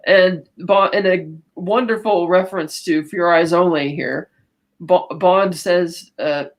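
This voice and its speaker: A woman's voice: lowish voice, measured pace. Woman rambling through a film recap. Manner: rambling plot retelling with frequent restarts and fillers. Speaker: podcast co-host.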